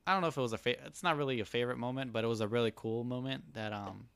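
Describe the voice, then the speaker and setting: A man's voice: medium pitch, very fast, gravelly, a bit bright, clear, resonant tone, dry recording. A man co-hosting a casual anime review chat, rambling with many fillers and laughing easily. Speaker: podcast co-host.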